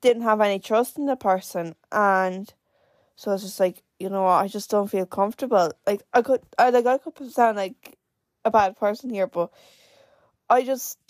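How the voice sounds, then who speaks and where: A woman's voice: mid-range voice, moderate pace, a little mellow, dry recording. A young Irish woman in her late teens hosting her own podcast, talking in a hesitant, reflective way with many fillers and restarts. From Ireland. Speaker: podcast host. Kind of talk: personal podcast monologue.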